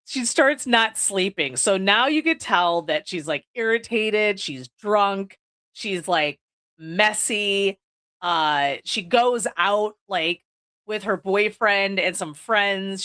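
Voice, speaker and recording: A woman's voice: medium pitch, slow, fairly bright tone, clear, resonant tone. A woman hosting a podcast, recapping a horror movie in a casual way, swearing freely and filling her sentences with "like.". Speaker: podcast host. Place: indoors, recording on video.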